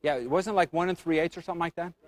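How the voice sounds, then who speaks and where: A man's voice: on the high side, very fast. Man lecturing a class. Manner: quizzes class with frequent "right?" and "y'all". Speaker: options trading instructor.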